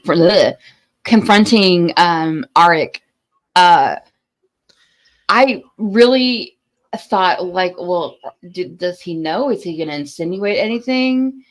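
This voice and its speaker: A woman on a podcast panel, talking in casual chat, animated and stumbling over her words. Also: on the low side, low-quality recording.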